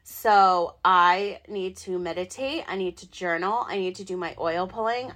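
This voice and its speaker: A woman in her thirties hosting her own podcast, talking in a chatty, excitable, rambling way with lots of fillers. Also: on the low side. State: hiccups. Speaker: podcast host. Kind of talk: casual solo podcast talk.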